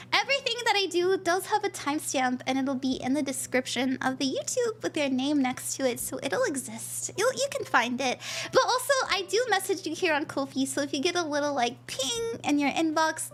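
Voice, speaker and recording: A woman's voice: high voice, fairly bright tone. A woman hosting a live stream, chatting in a bubbly way and thanking viewers by name as a tarot reader. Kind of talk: casual live-stream chat.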